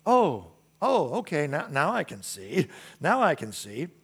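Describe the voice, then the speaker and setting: A man preaching voices Mordecai as a relieved, wondering man speaking softly and hesitantly. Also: fairly high pitch, huge pitch swings, measured pace, breathy edge, heavily acted. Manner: soft, hesitant, marvelling.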